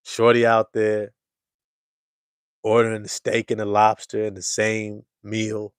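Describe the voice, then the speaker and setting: A man hosting a casual basketball fan show, talking to his live chat in animated slang and repeating lines for emphasis. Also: unhurried, clear, resonant tone, no echo, clean studio sound. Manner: animated storyteller, swings from loud hype to low murmur. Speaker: sports show host.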